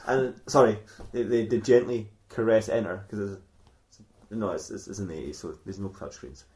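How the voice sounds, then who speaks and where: A man's voice: lowish voice, fairly even intonation, normal speed, a little mellow, roomy sound. A man hosting a comedy podcast, rambling through an improvised story with crude jokes. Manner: rambling, laughing, playfully crude. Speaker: podcast host.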